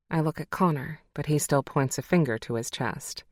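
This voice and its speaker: A woman narrating a first-person romance audiobook, expressive and heartfelt, close to the mic. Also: deep voice, normal speed, no room sound.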